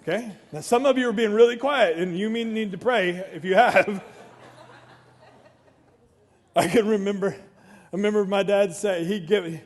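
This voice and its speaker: Chatty, joking male pastor, slightly high voice. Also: normal speed, long pauses. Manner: chatty and self-deprecating, with joking asides to the congregation. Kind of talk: conversational sermon. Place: church.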